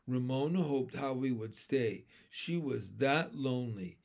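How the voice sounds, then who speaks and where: Guy reading a kids' book aloud, steady and gentle, mid pitch. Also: unhurried, gravelly, few pauses. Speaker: narrator. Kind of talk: audiobook narration.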